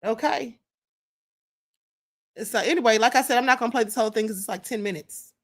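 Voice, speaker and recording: A woman's voice: on the high side, brisk. A woman hosting a live stream, giving casual opinionated commentary on clips and reading viewer comments aloud.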